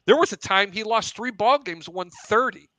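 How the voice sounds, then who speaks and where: A man hosting a sports talk show, telling long animated anecdotes with asides to his co-hosts. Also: sits high, normal speed, no room sound, rough recording. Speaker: host.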